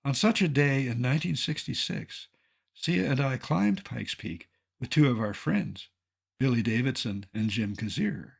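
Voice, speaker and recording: Older guy narrating mountain slides, gravelly and a bit husky, dry jokes delivered straight. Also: medium pitch, a little slow. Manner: dry, deadpan humor. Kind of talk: scripted narration.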